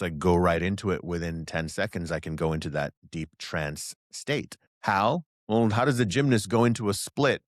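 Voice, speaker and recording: A man's voice: on the low side, dry recording, clean studio sound. A man, a guest psychic channeler, telling stories in a casual interview and acting out the voices he quotes. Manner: animated storyteller who acts out quoted voices.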